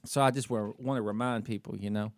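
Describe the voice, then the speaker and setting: A man with a lowish voice and steady tone talks fast as a podcast co-host, sharing a candid story in casual chat and being hard on himself, with plenty of "you know" and "like". The sound is studio quality with no room sound.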